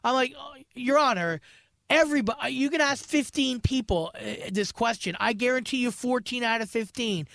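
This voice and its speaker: A man's voice: extremely high pitch, moderate pace, gravelly, fairly bright tone, no room sound, clean studio sound. A man in casual podcast chat, swearing freely and acting out the people in his stories. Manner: profane, storytelling, acts out quoted people. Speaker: podcast co-host.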